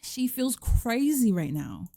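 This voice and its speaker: A woman gives casual let's play commentary, animated and sassy, slipping into her characters' lines as she goes. Her voice sits mid-range with a mellow, relaxed warmth. The sound is close and dry, with little room around it. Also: fairly high pitch, slow, vocal fry, no room sound.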